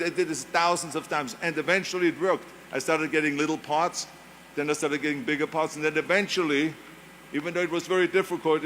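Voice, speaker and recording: A man's voice: a little high, bright, forceful tone, a little hiss or hum. A man with a German accent giving a motivational speech, emphatic and repeating key phrases. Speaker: speaker.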